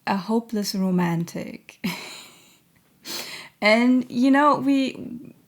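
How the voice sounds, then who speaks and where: Slow, gravelly-voiced woman giving a gentle reading. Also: mid-range voice. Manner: hesitant, searching, many fillers. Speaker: intuitive reader. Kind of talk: spiritual reading to camera.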